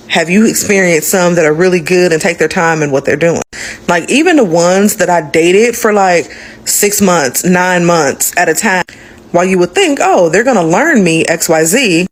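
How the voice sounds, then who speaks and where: A woman vlogs candidly and puts questions straight to her viewers. Her pitch moves in a lively, animated way. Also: normal speed. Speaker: vlogger. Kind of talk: casual vlog.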